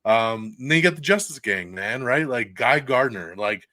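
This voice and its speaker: Excited man hosting a dry-sounding podcast. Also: mid-range voice, normal speed, no room sound. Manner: enthusiastic, swears freely, laughs often. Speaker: podcast host. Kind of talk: casual movie review chat. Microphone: podcast mic, recorded live for video stream.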